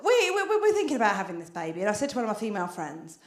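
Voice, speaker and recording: A woman's voice: medium pitch, wildly swooping pitch, racing, roomy sound. A British woman performing a stand-up comedy routine on a theatre stage, chatty and conspiratorial with the crowd. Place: theatre stage before an audience.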